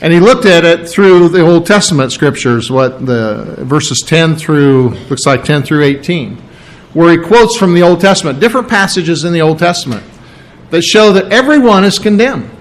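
A man's voice: on the high side, low-quality recording. A man preaching an expository sermon, earnest and emphatic, often repeating key phrases and restarting his sentences. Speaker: pastor.

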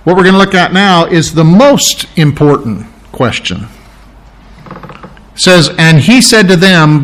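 A man, preaching a conversational sermon, often restarting and correcting himself. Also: fairly high pitch. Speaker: pastor.

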